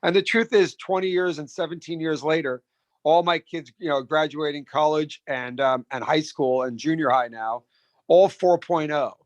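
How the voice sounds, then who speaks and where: A middle-aged man tells his stories in a casual interview, with a slightly raised pitch. He talks with animation, restarting and repeating words as he goes. The recording is dry and close, with no room sound. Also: normal speed, dry recording. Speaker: restaurant founder and guest.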